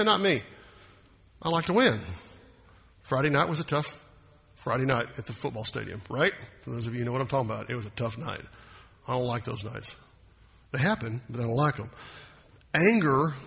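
A man's voice: fairly high pitch, sharp tone, breathy edge, in a large hall. A man preaching a sermon as pastor, folksy and often asking the congregation questions.

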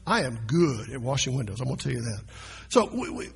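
In a church sanctuary with long hall reverb, a pastor delivers his sermon in a conversational style, putting questions to the congregation. He has a mid-range voice with vocal fry and a slight roughness, and he's very animated and fairly quick.

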